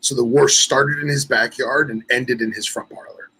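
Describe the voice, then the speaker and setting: A man's voice: mid-range voice, steady tone, normal speed, sharp tone, breathy edge, rough recording. A man co-hosting a casual podcast chat, a little congested and nasal, rambling through stories and reading an article aloud. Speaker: podcast co-host.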